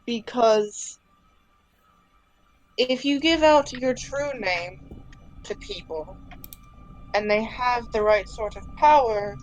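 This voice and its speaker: Woman playing a doubtful, blunt adventurer, raised pitch, unhurried. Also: low-quality recording. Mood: skeptical. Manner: halting, restarting, matter-of-fact.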